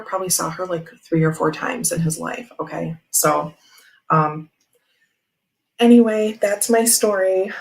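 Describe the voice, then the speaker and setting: A woman's voice: fairly low pitch, rough recording. A young woman hosting a tarot livestream, telling a long personal story in a rambling, chatty way full of fillers. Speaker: tarot channel host.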